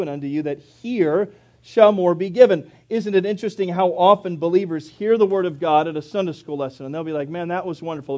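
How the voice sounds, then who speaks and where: A man's voice: high voice, darkish tone, lo-fi sound. A man preaching a sermon, explaining scripture and telling an illustrative story with earnest emphasis.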